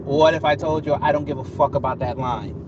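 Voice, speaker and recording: A man's voice: medium pitch, fairly even intonation, fairly quick, far from the mic, dull audio, background noise. A man hosting a casual live stream, talking straight to his chat in a combative, sarcastic way. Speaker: livestream host.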